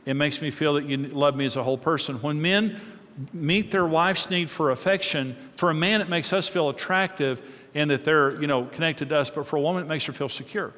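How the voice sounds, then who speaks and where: A middle-aged man whose voice sits on the high side and is a bit bright gives a fairly quick, conversational marriage talk to a live audience. He often repeats words and tells anecdotes, and a large hall's long reverb colors the recording.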